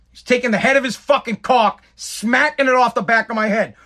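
A man's voice: extremely high pitch, a little fast, hardly any pauses, pushed and bright. A middle-aged man telling a personal story in a rambling, emphatic way, full of swearing. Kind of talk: casual storytelling monologue.

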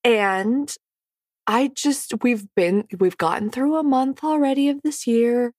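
A woman's voice: fairly high pitch, takes it slowly, no echo, studio quality. A woman podcast host speaking earnestly and encouragingly, then reading the show credits. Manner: warm-hearted, earnest, encouraging. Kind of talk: casual chat and show credits.

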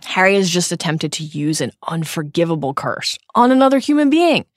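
A woman's voice: lowish voice, big pitch swings, brisk, no echo, clean studio sound. Woman reading with earnest emphasis. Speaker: podcast co-host. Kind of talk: reading book passages with commentary.

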